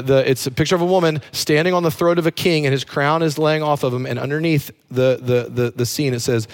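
A man preaching a sermon in an animated way, dropping low and quiet on key phrases. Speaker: pastor.

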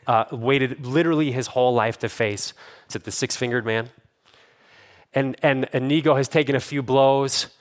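A man's voice: medium pitch, a bit bright. Man preaching a conversational sermon. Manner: conversational preaching, building to fervent emphasis. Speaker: pastor. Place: church sanctuary.

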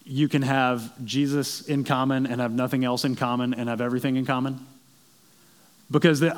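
Conversational man preaching a sermon. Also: mid-range voice. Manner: conversational, self-deprecating storytelling. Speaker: pastor.

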